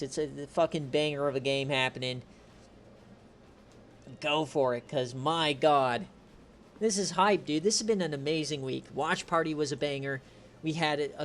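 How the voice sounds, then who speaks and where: A man giving excitable, profane play-by-play of a streamed online football game, his voice strained from shouting. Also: slight background noise. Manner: swings from shouted calls to low, relaxed chatter. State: straining voice, says he is losing it.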